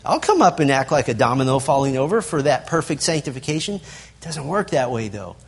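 A man's voice: mid-range voice, very animated, fairly quick, slightly rough. A man teaching a Bible lesson to a group, stressing lists and asking the room questions. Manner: asks the audience questions, emphatic lists.

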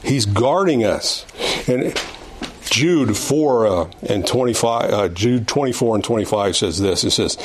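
A man's voice: lowish voice, expressive, a little slow, breathy edge. Older man teaching a Bible class. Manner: conversational, repeats phrases and restarts. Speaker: Sunday school teacher. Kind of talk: Bible lesson. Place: church classroom.

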